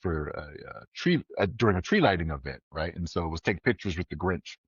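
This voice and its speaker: A man with a low voice co-hosts a podcast in easy, casual chat. His pitch swings widely as he tells animated stories and acts out the people he quotes. The sound is dry and a little dull. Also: fast, breathy edge, no echo. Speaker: podcast co-host.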